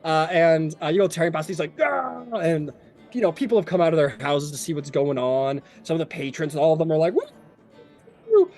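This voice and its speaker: A man's voice: a little high, fairly even intonation, fast, a little mellow, soft background music. A man narrating a tabletop game as its game master, talking in a casual, chatty way full of fillers.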